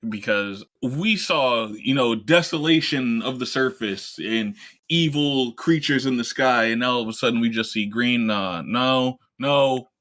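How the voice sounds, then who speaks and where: A man playing a tabletop game, quick and emphatic in his asides. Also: medium pitch, fairly bright tone. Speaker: player. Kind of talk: casual tabletop play.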